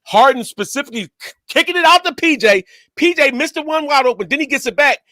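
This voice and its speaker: A man's voice: very high-pitched, sharp tone, no room sound. A man co-hosting a podcast, blunt and insistent, cutting in to push his point. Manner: blunt, insistent, quick to cut in. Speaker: podcast co-host. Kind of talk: heated sports debate.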